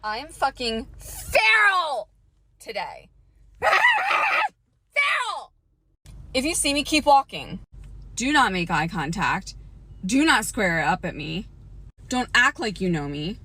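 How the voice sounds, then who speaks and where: A woman's voice: mid-range voice, very animated, unhurried, sharp tone, husky. A woman in a social media clip, wild and half-joking threats.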